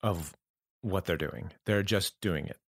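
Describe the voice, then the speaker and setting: A man in a reflective podcast conversation, talking earnestly in halting, restarting phrases. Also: low voice, dry recording, clean studio sound. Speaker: podcast guest.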